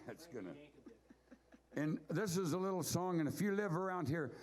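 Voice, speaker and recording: A man's voice: on the high side, lively intonation, moderate pace, a little mellow. A man leading a band, chatting to the audience between songs in a folksy, rambling way. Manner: folksy, rambling, says "by God". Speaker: bandleader and singer. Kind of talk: casual stage banter. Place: live show venue with audience. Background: guitar playing.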